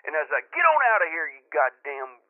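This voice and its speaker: A man's voice: medium pitch, quick pace, no room sound, natural voice. A man voicing a boastful rural father who calls in with a rambling folksy tall tale. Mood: bragging. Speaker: caller. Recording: phone-line call.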